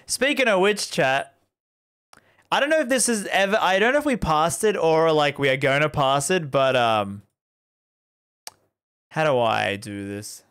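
A man's voice: fairly high pitch, lively intonation, unhurried, pauses often, fairly bright tone, smooth. A man streaming a visual novel, chatting casually with his viewers, rambling and laughing often. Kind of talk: casual live-stream chat while playing a visual novel.

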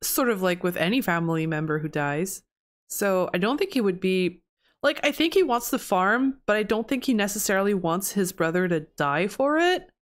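A young woman giving casual, chatty commentary over gameplay and reacting loudly in disbelief at surprises. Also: medium pitch, lively intonation, moderate pace. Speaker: gameplay video host.

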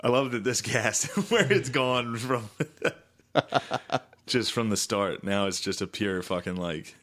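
Young guy cohosting a podcast, lowish voice, jokey and crude. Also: animated, takes it slowly, fairly bright tone. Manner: profane, joking, does mocking voices. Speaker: podcast co-host. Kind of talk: casual chat.

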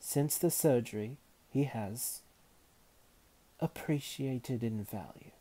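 A man reading aloud and voicing an imperious, scheming woman wizard who speaks with haughty calm. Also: mid-range voice, unhurried, pitched above the performer's own voice. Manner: haughty and calmly menacing.

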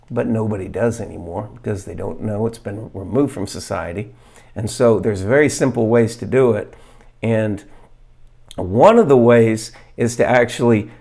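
A man vlogging, earnestly explaining and demonstrating a fermented food to camera, reading study excerpts aloud and pausing on fillers. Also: medium pitch, darkish tone. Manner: earnest, plain-spoken, pauses with fillers. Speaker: health vlogger.

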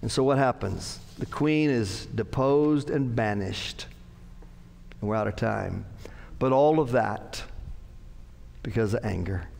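Gravelly-voiced man preaching in a church. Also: medium pitch, slow pace, pauses often, a little mellow. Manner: earnest, conversational preaching with repeated phrases. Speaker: pastor. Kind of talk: sermon. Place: church sanctuary. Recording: long church-hall reverb.

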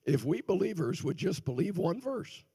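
An older male preacher delivers a sermon with a lively, swooping delivery, his voice pitched a little high and edged with gravel. He shifts between ringing declarations and hushed asides, and the sound is close and dry. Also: normal speed, dry recording. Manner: animated preaching, swings from loud exclamations to quiet asides, laughs between points. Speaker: guest minister. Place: church sanctuary.

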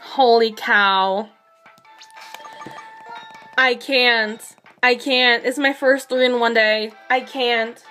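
An excited woman live-streaming a game, rambling with a shaky thrill in her voice. She sits a little high in pitch and talks at an unhurried pace, with faint music playing behind her.

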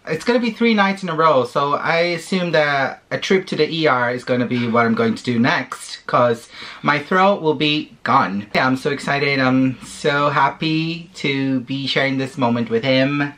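A young Brazilian man speaks English with a Brazilian Portuguese accent, laid-back and playful with a giggly edge. His tone is bright at a middle pitch. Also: measured pace. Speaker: guest. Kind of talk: casual chat.

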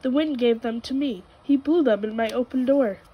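A polite, easygoing goat who will eat anything, played by a woman reading a children's book. He talks in a courteous, matter-of-fact way, a little high in pitch. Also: moderate pace, dull audio, a little hiss or hum, close to an everyday voice.

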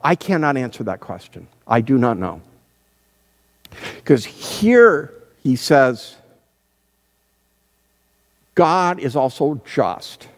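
Earnest pastor preaching in a reverberant church. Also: male voice, medium pitch, sing-song. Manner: earnest, searching, slows down for emphasis. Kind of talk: sermon.

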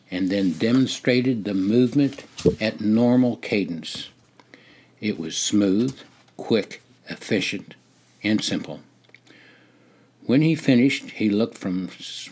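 An older man reading his own memoir aloud in a measured, deliberate storytelling manner. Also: fairly low pitch, darkish tone. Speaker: memoir narrator.

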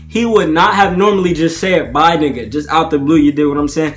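A man's voice: on the high side, brisk, few pauses, faint music behind. A young man vlogging casually to camera about a prank on his best friend, talking in chatty slang and often checking in with "you feel me".

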